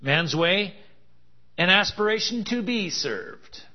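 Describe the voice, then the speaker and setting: Slow-preaching man, muffled recording. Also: high voice, animated. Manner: joking, laughing asides, rising to emphatic contrasts. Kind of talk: sermon. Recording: dull lo-fi sound.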